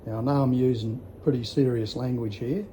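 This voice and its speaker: A man's voice: mid-range voice, steady tone, brisk, warm tone, slight background noise. An Australian man in his sixties telling a rambling story in a casual vlog, blunt and full of swearing. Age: 60s. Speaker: vlogger.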